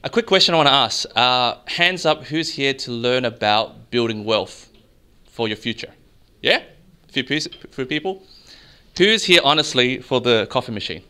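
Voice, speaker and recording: A man giving an energetic, salesy seminar talk, asking the crowd questions. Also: medium pitch, normal speed, clear, resonant tone. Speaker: mortgage broker giving an expo talk. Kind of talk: live seminar presentation to an audience.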